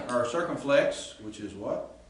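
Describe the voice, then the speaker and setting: Taking it slowly, a male Greek instructor with a medium pitch and expressive delivery explains grammar and questions his class, with plenty of fillers. The recording comes from a distant mic in an echoey classroom, with slight background noise.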